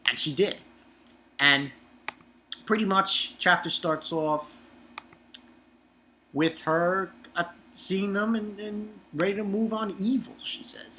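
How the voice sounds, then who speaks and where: Man reviewing in a bright, cutting voice, excitable and swearing, rambling with fillers, pitch leaping when worked up. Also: slight background noise. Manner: voice jumps high when worked up. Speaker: manga reviewer. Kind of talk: casual review monologue.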